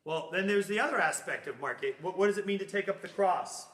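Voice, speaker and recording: A man teaching a Bible class, animated and acting out little scenes in funny voices as he explains. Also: high voice, quick pace, roomy sound.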